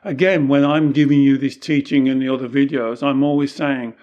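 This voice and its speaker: A man's voice: medium pitch, steady tone, brisk, darkish tone, lo-fi sound. A middle-aged man in a casual teaching conversation, explaining patiently and earnestly, often acting out the lines he quotes. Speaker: Taoist teacher and podcast host.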